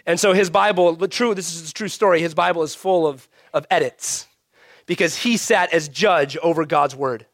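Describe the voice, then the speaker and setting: A man preaching a sermon with a somewhat high voice, recorded close and dry with little room sound. He drives his points with raised emphasis, then drops to a hush, almost a whisper. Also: moderate pace, dry recording. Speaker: pastor.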